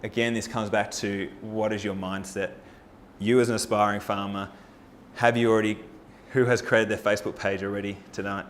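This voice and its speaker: Male presenter, low register, upbeat persuasive forum pitch. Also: moderate pace, slight background noise. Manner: energetic, rallying, with rhetorical questions to the audience. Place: live talk at a farming forum.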